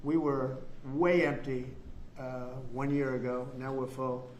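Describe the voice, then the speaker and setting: A man's voice: medium pitch, fairly even intonation, measured pace, darkish tone, muffled recording. An older man giving rambling, boastful off-the-cuff remarks to the press, repeating himself. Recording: echoey room with faint noise.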